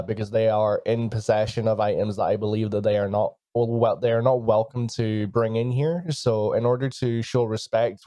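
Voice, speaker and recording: A man playing a tabletop game, speaking politely and haltingly, with frequent restarts. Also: fairly low pitch, dark tone, dry recording, studio quality. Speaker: player.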